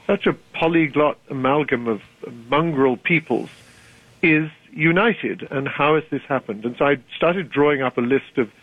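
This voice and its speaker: A British man in his seventies, a guest author speaking in a radio interview, articulate and measured. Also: medium pitch, breathy edge, dry recording. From Britain. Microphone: phone line. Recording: dry tinny phone line.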